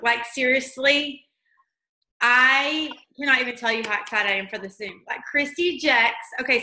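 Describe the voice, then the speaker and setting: A woman's voice: sits high, sharp tone, reverberant, a little hiss or hum, rough recording. Gushing Southern woman on a video call. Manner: gushing, effusive, fillers like "like". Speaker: team leader hosting a call. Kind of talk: emotional casual chat on a video call.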